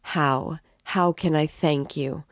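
A woman's voice: sits low, steady tone, slow, no echo, clean studio sound. A woman voicing an anxious, tearful mother who pleads timidly. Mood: pleading.

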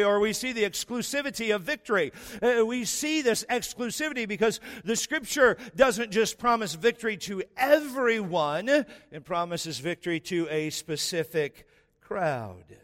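A man's voice: high-pitched, a bit bright, big-room sound. A man preaching a sermon as pastor, repeating key phrases for emphasis and having the congregation say verses aloud.

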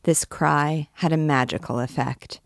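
Woman, low voice, reading a novel aloud, measured, expressive, dry sound. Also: vocal fry, dry recording. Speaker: reader and guide to a classic novel.

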